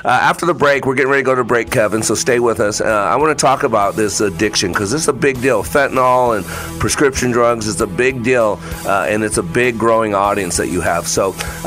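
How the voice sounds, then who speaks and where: Low-voiced preacher-like talk radio host. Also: male voice, fairly quick, few pauses, fairly bright tone, faint music behind. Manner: rambling, emphatic, preacher-like. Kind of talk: faith-based talk radio interview.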